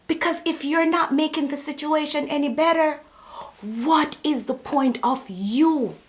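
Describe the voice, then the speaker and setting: Slow, indignant woman ranting to camera. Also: high voice. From immigrant to Canada. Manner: indignant, emphatic, repeats for emphasis. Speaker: personal support worker. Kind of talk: impassioned political rant to camera.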